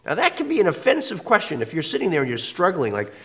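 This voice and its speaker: A male university lecturer, congested from a cold, talks conversationally through a recorded course lecture and repeats key phrases for emphasis. His high voice is fast, bright, and forceful, with huge swings in pitch.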